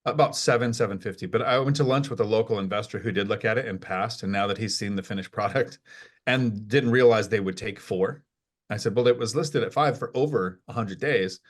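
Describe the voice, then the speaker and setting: A man casually telling a story in a quick, rambling way. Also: fairly low pitch. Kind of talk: casual chat.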